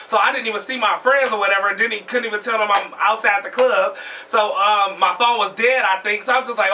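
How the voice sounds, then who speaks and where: A young man telling a storytime vlog in a profane, animated way, acting out what people said. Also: sits high, a little fast, recorded from a distance, slight background noise. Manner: animated, profane, acts out quoted voices loudly.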